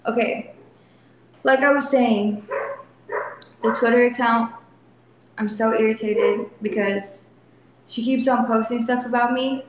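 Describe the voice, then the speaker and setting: A woman's voice: on the high side, steady tone, slow pace, long pauses. A young woman in back pain talks to her livestream viewers, emotional and defiant, repeating herself. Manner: soft baby talk to her son. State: in back pain while sitting. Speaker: livestream vlogger. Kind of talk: casual livestream talk to viewers. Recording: very echoey phone stream, faint noise.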